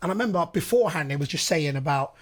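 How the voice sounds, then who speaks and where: A man, a guest footballer telling animated stories on a podcast and acting out what others said. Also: on the high side, very fast. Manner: animated storyteller, acts out quotes, laughs easily. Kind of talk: casual podcast storytelling.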